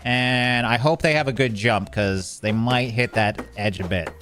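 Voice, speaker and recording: A man's voice: medium pitch, a little slow, fairly bright tone, soft background music. A man giving casual, joking commentary while playing a game, often exasperated and talking to the game's characters. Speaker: gaming video creator.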